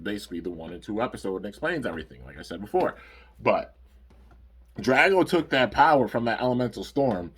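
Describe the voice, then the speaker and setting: A man's voice: medium pitch, slightly rough. A man casually recapping cartoon episodes in a rambling review. He uses lots of fillers and stops to correct himself.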